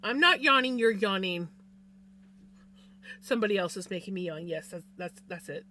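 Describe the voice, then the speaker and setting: A woman with a fairly low voice talks at a moderate pace as she crochets, chatting casually with her stream viewers, greeting them by name and yawning now and then. She's in a room at home with a fan running, using a desk microphone.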